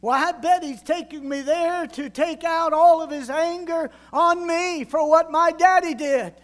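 A man's voice: extremely high pitch, measured pace, pitched above the performer's own voice. A man voicing a frail, frightened crippled young man who stammers and pleads. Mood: fearful.

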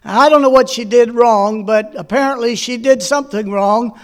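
High-voiced man preaching with folksy stories. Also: moderate pace. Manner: folksy storytelling with personal anecdotes; asks the congregation questions. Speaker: pastor. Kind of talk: sermon.

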